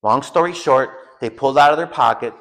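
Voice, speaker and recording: An American man teaching a home school lesson, telling a personal story and acting out shouted quotes. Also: medium pitch, a little fast. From United States.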